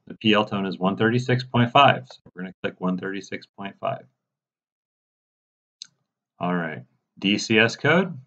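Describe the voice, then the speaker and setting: A man giving a casual step-by-step software tutorial, walking viewers through settings in a mildly exasperated way. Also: on the low side, highs cut off. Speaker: radio programming instructor. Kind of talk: screen-recorded software tutorial.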